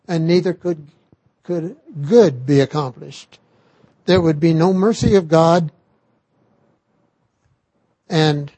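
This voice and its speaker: An older man giving a sermon on scripture, slow and halting with frequent restarts. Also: fairly high pitch, gravelly, mellow, breathy edge, no echo. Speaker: scripture teacher.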